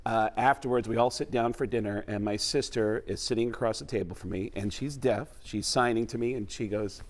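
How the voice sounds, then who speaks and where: Guesting on a talk show, a Bronx-born comedian and impressionist spins stories and keeps slipping into different voices. He talks fairly quickly in a voice on the low side, and his manner is animated.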